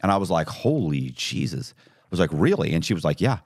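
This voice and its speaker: Middle-aged male guest, very low voice, dry close sound, animated storyteller. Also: quick pace, no room sound. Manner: animated, acts out quoted dialogue. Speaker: podcast guest. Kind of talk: casual storytelling interview.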